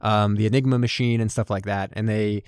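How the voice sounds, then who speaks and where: A man's voice: on the low side, fairly even intonation, brisk, darkish tone, clear, resonant tone, no echo, studio quality. A man co-hosting a podcast, chatting casually through a movie plot with lots of fillers and "like". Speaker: podcast co-host. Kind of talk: casual movie recap chat.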